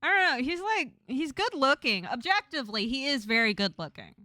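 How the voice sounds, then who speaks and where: A woman's voice: high voice, sing-song, brisk, bright, forceful tone, no echo, faint music behind. A woman game streamer lisping from a sore tongue, chatting casually and teasingly with viewers and reading game text aloud.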